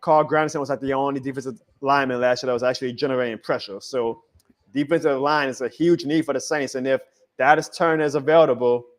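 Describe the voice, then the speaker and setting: A man hosting a live reaction stream in a casual, excitable, rambling way, chuckling often as he talks to his chat. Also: mid-range voice, fast.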